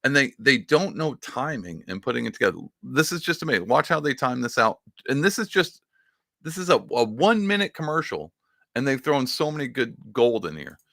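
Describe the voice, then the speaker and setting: Gravelly guy ranting about memes, bright sharp tone, super dry close sound. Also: mid-range voice, a little fast, dry recording. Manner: excitable, emphatic, restarts and fires up. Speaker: podcast host. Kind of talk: political commentary.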